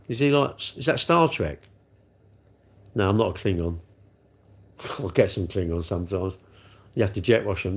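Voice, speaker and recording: Man in his sixties, gravelly and animated, hosts a live stream and banters with the chat. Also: on the low side. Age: 60s. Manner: chatty, jokey, answering viewers' comments. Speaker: livestream host reading chat.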